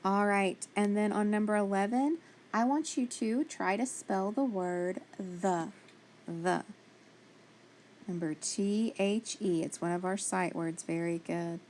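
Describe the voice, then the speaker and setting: A woman's voice: medium pitch, measured pace, darkish tone, a little hiss or hum. A woman teaching a phonics spelling lesson, patiently sounding out letters and praising each answer.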